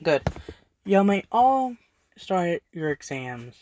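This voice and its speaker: A storyteller voicing a confident woman hero who is now a combat teacher, speaking sternly with calm threats. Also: medium pitch, takes it slowly, no echo.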